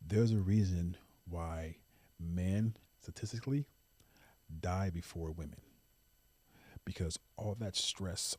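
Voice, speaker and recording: A man's voice: sits low, darkish tone, husky, dry recording. A man hosting a talk show, speaking in an earnest, impassioned monologue with repeated emphasis. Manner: impassioned, repetitive emphasis, pleading. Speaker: podcast host.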